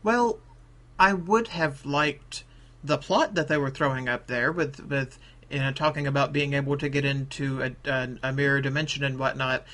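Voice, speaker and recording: A man's voice: medium pitch, fairly even intonation, moderate pace, bright, forceful tone. A man co-hosting a casual podcast, rambling between points and joking about accents. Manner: rambling, laughs, hams up mock accents. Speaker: podcast co-host. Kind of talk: casual chat.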